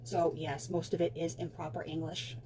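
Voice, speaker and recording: A woman's voice: deep voice, little pitch movement, moderate pace, background noise. A woman reading out a chat and adding sarcastic, dry asides. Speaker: TikTok storyteller. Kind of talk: reading a chat aloud with commentary.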